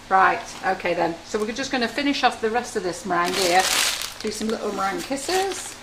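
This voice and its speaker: A woman hosts a live baking demonstration from a home-style kitchen studio, chatting, telling stories and jokingly teasing viewers as she works. Her medium-pitched voice is brisk and a bit bright. The low-quality recording is reverberant with a little hiss or hum.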